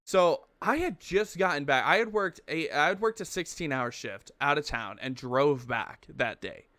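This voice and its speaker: A man's voice: on the high side, expressive, moderate pace, bright, forceful tone, no echo. A man co-hosting a podcast, telling a long rambling story in casual chat, swearing and restarting as he goes. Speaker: podcast co-host.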